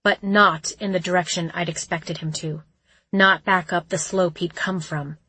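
A woman narrating a first-person audiobook with a measured, tense storytelling delivery. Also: lowish voice, fairly even intonation, pushed and bright, slightly rough.

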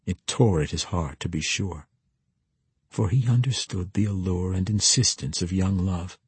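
A man reads a fantasy story aloud in a steady, measured voice. His tone is low and strongly husky. The recording is dry and close, with no room sound. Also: no echo. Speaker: narrator. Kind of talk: audiobook narration.

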